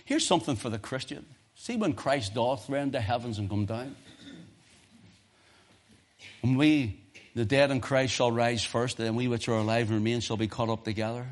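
A man preaching a sermon, swinging from quiet, urgent asides to impassioned cries, quoting scripture in old-fashioned wording. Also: mid-range voice, normal speed, long pauses. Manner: archaic scripture quotations in King James wording.

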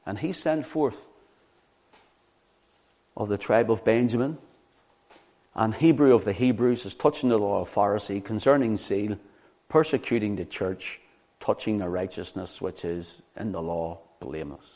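A male preacher giving a Bible-teaching sermon in a fairly low voice. He is animated, and he keeps checking in with the listeners through rhetorical questions. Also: unhurried, long pauses.

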